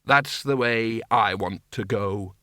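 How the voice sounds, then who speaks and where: A man's voice: on the low side, slow, sharp tone, no echo, clean studio sound. A man voicing a blunt, matter-of-fact wizard dean.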